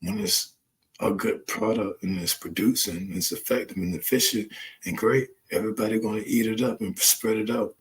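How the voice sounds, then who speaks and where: A man's voice: fairly low pitch, steady tone, normal speed. A man hosting his channel, delivering an impassioned, preachy monologue full of profanity and emphatic outbursts. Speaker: channel host.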